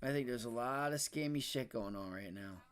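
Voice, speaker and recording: A young man hosting a live day-trading stream, ranting and swearing about the market, swinging between loud outbursts and low muttering. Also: a little fast. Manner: frustrated, profane, ranting about price action. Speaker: day trading livestream host.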